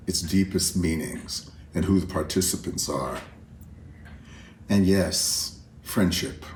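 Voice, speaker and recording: Deep-voiced older man, reflective tribute. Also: a little hiss or hum. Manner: warm, reflective, addresses friend directly. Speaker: artist giving a video tribute. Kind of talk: heartfelt spoken tribute. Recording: roomy self-recorded video message.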